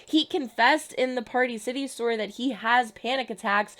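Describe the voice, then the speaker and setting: A woman's voice: a little high, normal speed, fairly bright tone. A young adult woman hosting a reaction channel, talking through a TV episode in an emphatic, exasperated way. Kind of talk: casual TV reaction commentary.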